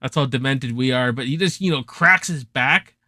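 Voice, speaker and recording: A young man giving a casual, excited film review, swearing freely and packed with slang. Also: mid-range voice, moderate pace, dry recording, studio quality. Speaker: movie reviewer.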